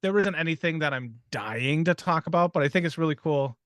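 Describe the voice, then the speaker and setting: A man co-hosting a casual gaming podcast, with a dry, offhand, halting delivery. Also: a little high, lively intonation, fairly bright tone, no room sound. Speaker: podcast co-host. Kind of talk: casual chat.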